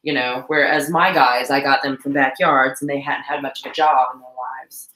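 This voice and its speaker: A woman's voice: very deep voice, fairly even intonation, moderate pace, a bit bright. A woman co-hosting a casual live-stream chat while cleaning tack, giggly and saying "y'all", stuffy from blowing her nose. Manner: chatty, giggly, says "y'all". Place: indoors at home cleaning tack. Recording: echoey room.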